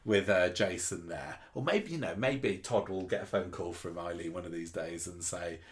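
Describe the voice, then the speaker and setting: A man's voice: low voice, normal speed. A man co-hosting a podcast, thinking aloud in casual chat with frequent restarts. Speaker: podcast co-host.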